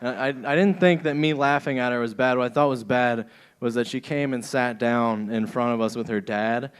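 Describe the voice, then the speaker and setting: A man performs stand-up into a handheld mic on a club stage. His delivery is crude and rambling, at a middle pitch, and he keeps laughing at his own jokes as he goes. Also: normal speed, clear, resonant tone. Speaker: stand-up comedian. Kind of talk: stand-up comedy set.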